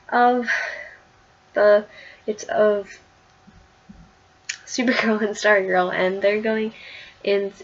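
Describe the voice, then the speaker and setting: A woman's voice: mid-range voice, steady tone, extremely slow, long pauses, dull audio. A woman casually talking through a comic issue in a chatty vlog, full of fillers and giggles. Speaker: comic book reviewer.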